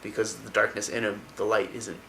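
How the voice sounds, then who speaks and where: A man's voice: on the low side, little pitch movement, fast talker, gravelly, pushed and bright, a little hiss or hum, rough recording. A man casually retelling a fantasy story, rambling with many fillers and restarts. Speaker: lore video narrator.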